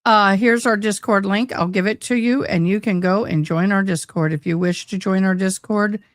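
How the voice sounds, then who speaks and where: A woman's voice: mid-range voice, fairly even intonation, moderate pace. A woman hosting a casual livestream, talking in agitated, ranting bursts. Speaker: YouTube livestream host. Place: home room with sunlight through window. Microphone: desk mic close by.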